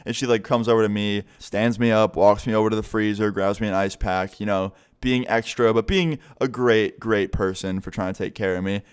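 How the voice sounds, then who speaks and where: A young vlogger whose voice is on the low side talks a little fast with few pauses and a clean tone. He casually recounts a story for his audience, swearing freely and acting out others' lines in an animated way.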